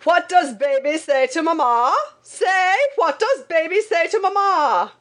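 A woman reading aloud, voicing a loud doting father who shouts sing-song baby talk at his children. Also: very high voice, expressive, measured pace, voice pushed up, heavily acted. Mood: shouting cheerfully.

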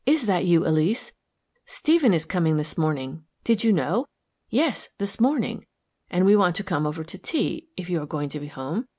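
A woman reading an audiobook, voicing a gentle, eager wife who talks breathlessly and tenderly. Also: on the low side, expressive, moderate pace, breathy edge.

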